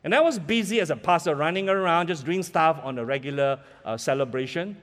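A man's voice: on the high side, a little fast, big-room sound. A man with a Malaysian English accent, preaching a sermon as pastor and often asking the congregation questions.

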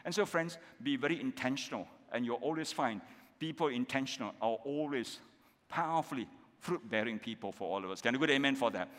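A man's voice: medium pitch, lively intonation, fairly quick, fairly bright tone, in a large hall. A man with a Malaysian accent preaching a sermon as pastor, emphatic and repetitive, often tagging his points with "isn't it?" and "okay?". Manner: emphatic, repetitive, with frequent tag questions.

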